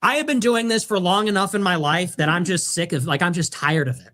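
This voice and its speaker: A man in a played stream clip, talking in a sarcastic, mocking way and jumping into high voices to mimic others. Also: brisk, fairly bright tone. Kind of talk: live-stream monologue.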